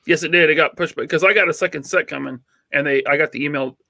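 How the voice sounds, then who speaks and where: A man co-hosting a podcast in casual, excited chat, teasing his friends. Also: on the high side, quick pace, creaky, no echo. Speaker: podcast co-host.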